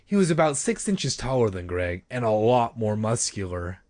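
A man narrating an audiobook with expressive storytelling. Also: lowish voice, normal speed, no room sound, clean studio sound. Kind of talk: audiobook reading.

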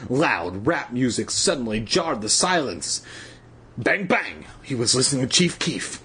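A man's voice: mid-range voice, big pitch swings, measured pace, a bit bright, breathy edge. A man reading a children's story aloud, dropping irreverent, crude joking asides. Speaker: reader. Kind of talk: comedic storybook read-aloud.

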